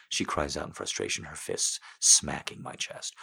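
A man reading a first-person story aloud in a hushed, intimate way that often sinks close to a whisper. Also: rumbling low, expressive, normal speed, gravelly, husky. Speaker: audiobook narrator. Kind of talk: scripted first-person narration.

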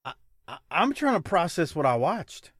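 A man's voice: on the high side, very animated, normal speed, a bit bright, no room sound, studio quality. A man co-hosting a casual podcast, laughing and rambling. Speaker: podcast co-host. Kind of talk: casual chat.

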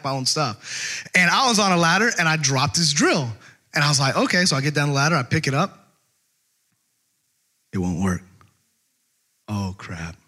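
A man preaching a casual, conversational sermon, telling a personal story with lots of fillers and animated asides. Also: fairly high pitch. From California. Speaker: pastor.

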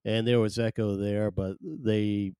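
A man's voice: on the low side, level tone, unhurried, warm tone, clean tone, no room sound, studio quality. A man hosting a casual live podcast from home, rambling and self-deprecating as he chats. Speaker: podcast host. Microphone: headphones and desk mic.

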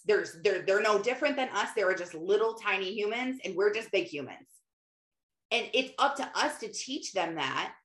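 A woman, a mother, giving an animated, casual faith talk and often acting out quotes. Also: medium pitch. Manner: animated, often acts out quotes, many fillers. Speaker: mother and Christian speaker. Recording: roomy echo.

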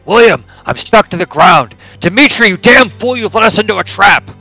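A man voicing his male werewolf warrior character, loudly scolding his packmates in a tabletop game. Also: sits high, expressive, moderate pace, dry recording, faint music behind, exaggerated voice. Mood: scornful. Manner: loud, scornful scolding.

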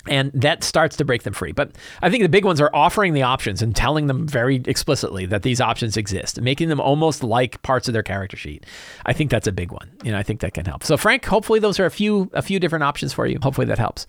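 A man hosting a casual solo talk show, speaking in an animated, conversational way and often checking in with "right?". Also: medium pitch, fast talker, dry recording, clean studio sound. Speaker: host.

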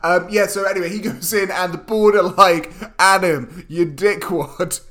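A man's voice: sits high, steady tone, fairly quick, a bit bright. A man co-hosting a podcast, recapping a TV series in a casual, sarcastic, joking way. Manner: sarcastic, joking, many fillers. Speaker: podcast co-host.

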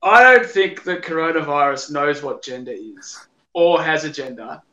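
A man's voice: on the high side, lively intonation, moderate pace, pushed and bright, highs cut off. A man co-hosting a podcast, giving blunt, opinionated takes in casual banter. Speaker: podcast co-host. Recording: roomy echo.

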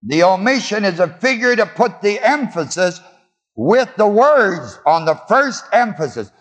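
Male preacher, lively pitch, slow deliberate delivery, call-and-response questions, echoing church hall. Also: soft background music. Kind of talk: sermon. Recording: long hall reverb.

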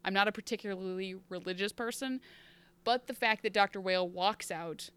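A woman's voice: medium pitch, fairly quick, fairly bright tone, clean tone. A woman co-hosting a podcast and recapping a TV episode in casual chat. She rambles, interrupts herself, and sounds wry and emotional.

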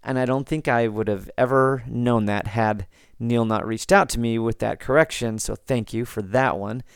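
An American man hosting a podcast, reading listener comments and chatting in a relaxed, rambling way with frequent restarts. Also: medium pitch, moderate pace, gravelly, smooth, dry recording, studio quality. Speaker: podcast host.

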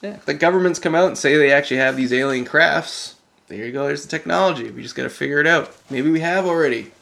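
Gravelly man, rambling casual chat. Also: fairly high pitch, quick pace, sharp tone. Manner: rambling, loose, swears casually.

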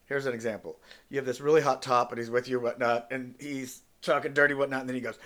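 He's a non-native English speaker hosting a podcast alone, swearing freely and bluntly for laughs. His mid-range, level voice is a bit bright, moving quickly with few pauses.

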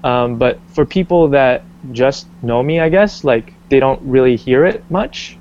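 A young Canadian man speaks casually in an interview, rambling with lots of fillers and restarts and getting animated when he quotes someone. His mid-range voice is a little slow, and the recording sounds lo-fi.

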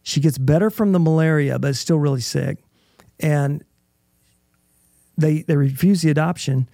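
A middle-aged man, a guest in an interview, earnestly telling a personal testimony in halting bursts with restarts. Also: fairly high pitch, gravelly, mellow, no room sound, clean studio sound.

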